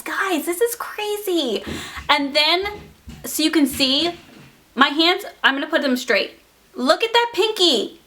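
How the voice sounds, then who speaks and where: A young woman vlogger telling a storytime to camera in an exasperated, animated way, laughing in disbelief between lines. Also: high-pitched. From United States. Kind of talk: storytime vlog talking to camera.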